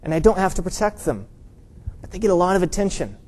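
Mellow-voiced man preaching a sermon. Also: sits high, sing-song, quick pace. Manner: earnest, emphatic preaching, rising to stress key points. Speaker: pastor. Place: church.

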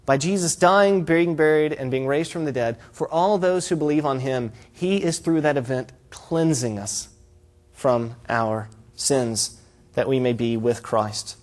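A man's voice: mid-range voice, measured pace, a little mellow. A man preaching a sermon, explaining a Bible passage in an earnest, emphatic way. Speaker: pastor.

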